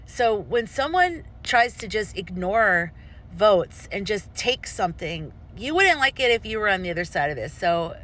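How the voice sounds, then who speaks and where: A woman's voice: medium pitch, big pitch swings, moderate pace, fairly bright tone. A woman vlogger speaking her opinions with passion, rambling and often restarting her sentences. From United States. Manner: impassioned, rambling with frequent restarts. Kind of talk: personal opinion vlog.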